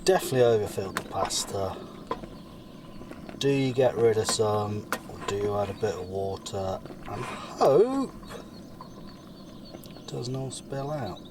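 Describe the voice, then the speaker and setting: Slow-talking man cooking at camp. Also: on the low side, big pitch swings, background noise. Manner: self-mocking, rambling, swears lightly. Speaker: vlogger. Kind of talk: casual talk while cooking. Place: forest campsite by a car, outdoors.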